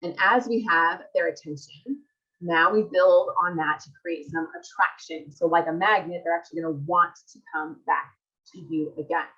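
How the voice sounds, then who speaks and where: Woman coach, low voice, live webinar host, talks to the audience with questions, muffled stream sound. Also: normal speed, a bit bright. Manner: reads audience comments, asks rhetorical questions. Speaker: marriage coach.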